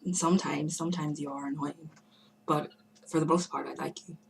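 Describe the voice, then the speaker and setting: Speaking fast in a low, creaky voice with a steady tone, a young woman rambles to the camera from her room at home. She's a vlogger handing out forum shout-outs, hesitating often and filling the monologue with fillers and restarts. A faint hiss or hum sits under the low-quality recording.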